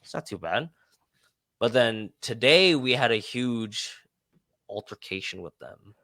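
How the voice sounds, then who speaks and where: A man's voice: mid-range voice, lively intonation, a little slow, bright, forceful tone, dry recording. Guy venting a story on a podcast, swears, restarts a lot, super dry mic. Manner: frustrated, swears, repeats himself. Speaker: podcast co-host. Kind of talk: casual storytelling.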